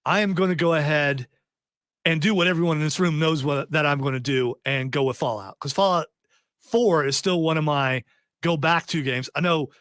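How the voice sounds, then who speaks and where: A man's voice: fairly high pitch, moderate pace, a bit bright, no room sound, studio quality. A man hosting a radio talk show, chatting casually with a rambling, restarting way of talking. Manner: rambling, many restarts and fillers. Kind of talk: casual group chat on radio. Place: radio studio.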